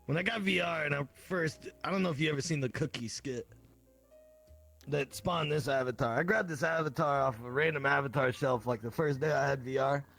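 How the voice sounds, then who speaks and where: Brief: laid-back man, gravelly throat-bass voice, husky edge, low music in the back. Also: fairly quick, fairly bright tone. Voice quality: gravelly deep put-on throat voice. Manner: laid-back, swears casually. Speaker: guest, streamer. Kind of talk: casual interview chat.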